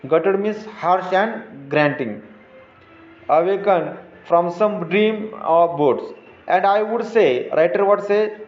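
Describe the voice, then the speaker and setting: A teacher with a high voice and an Indian English accent reads a story to his students, pausing repeatedly to explain words. He is expressive but slow and halting, full of fillers and restarts, and the lo-fi recording sounds dull and roomy.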